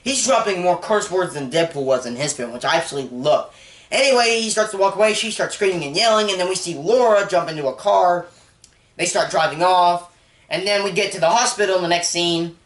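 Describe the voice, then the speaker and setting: A young man giving a casual, rambling movie review, excitable and full of restarts. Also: high voice, fairly quick. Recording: roomy echo.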